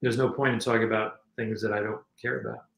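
A man's voice: fairly low pitch, little pitch movement, fast, gravelly, a bit bright. New man telling rambling stories, roomy. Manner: rambling anecdotes with many restarts. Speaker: guest musician and filmmaker. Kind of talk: casual storytelling interview.

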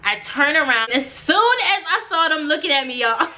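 A young woman recounts a story to her viewers in an animated, chatty way. Her voice sits high and sounds bright and sharp. A faint background hum runs underneath. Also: normal speed. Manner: animated, acts out quotes. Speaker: vlogger. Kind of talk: storytime vlog.

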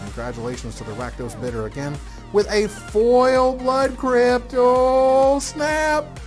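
Excitable woman streamer, swooping lively pitch, whoops, unhurried between outbursts. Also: soft background music. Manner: hyped, whooping, addresses viewers as y'all. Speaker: stream host opening card packs. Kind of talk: live stream commentary.

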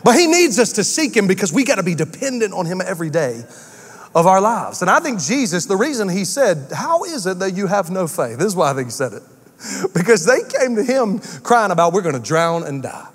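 A male pastor preaching a sermon in a church, acting out quotes with shifts in pitch and pace. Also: sing-song, a little fast, big-room sound.

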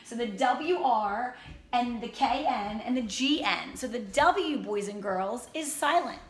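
A woman who teaches first grade, reading a picture book aloud to her class in a slow, expressive storybook manner. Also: on the high side. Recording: roomy echo, faint ambient noise.

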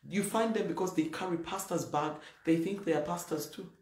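A woman's voice: fairly low pitch, fairly quick, a little mellow. A woman pastor preaching a sermon in a blunt, emphatic, plain-spoken way. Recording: roomy echo, faint noise.

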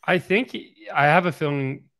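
A man's voice: a little high, normal speed, fairly bright tone. A man co-hosting a podcast, talking casually and telling long rambling stories. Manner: rambling, chatty storyteller. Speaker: podcast co-host.

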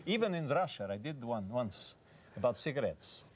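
A man's voice: medium pitch, sing-song, moderate pace. A man being interviewed as an actor, talking in a hesitant, wry way with many ums and uhs. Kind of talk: TV interview chat.

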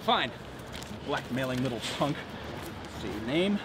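An actor playing a self-important, easily flustered private detective in a comedy web series, recorded outdoors on a city street. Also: male voice, medium pitch, animated, a little slow, background noise, lightly acted. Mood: exasperated. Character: bumbling pompous male private eye.

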